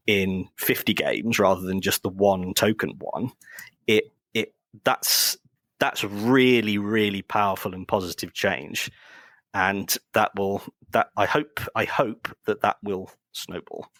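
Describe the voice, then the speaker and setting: Deep-voiced earnest man. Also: fairly even intonation, takes it slowly, fairly bright tone, dry recording. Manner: earnest, hesitant with fillers, builds his argument. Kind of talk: casual podcast discussion.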